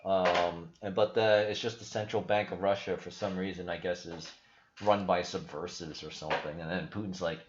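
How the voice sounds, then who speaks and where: A man's voice: low voice, fairly even intonation, moderate pace, background noise. A man hosting a casual livestream with rambling, profane talk full of restarts. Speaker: crypto channel host. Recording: roomy, slightly dull sound.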